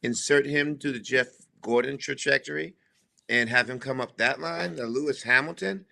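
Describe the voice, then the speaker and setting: Brief: man co-host, gravelly edge, bright tone, sure of his takes. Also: medium pitch, normal speed. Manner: confident, emphatic, repeats his points. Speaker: podcast co-host. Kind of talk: casual chat.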